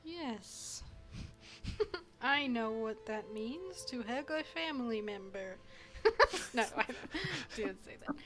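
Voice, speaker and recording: A woman playing a tabletop game, chatting in a giggly, animated way. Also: fairly high pitch, slow pace, pauses often. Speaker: player. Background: faint music.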